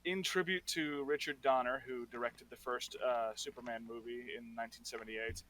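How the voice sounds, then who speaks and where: Man, medium pitch, bright tone, faint noise behind, matter-of-fact, brief. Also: steady tone, moderate pace, poor audio. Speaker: podcast co-host. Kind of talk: casual chat.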